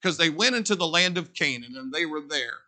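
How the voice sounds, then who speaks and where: A man preaching from the pulpit. His tone is very bright and forceful. He talks in a folksy way and climbs to loud, emphatic peaks. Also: on the high side, expressive, brisk. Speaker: pastor. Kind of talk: sermon.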